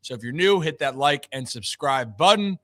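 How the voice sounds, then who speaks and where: Man, sports talk host, bright forceful voice, dry close sound, chatty and upbeat. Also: mid-range voice, animated, normal speed, dry recording. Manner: upbeat, chatty, addresses viewers directly. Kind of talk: live sports talk show opening.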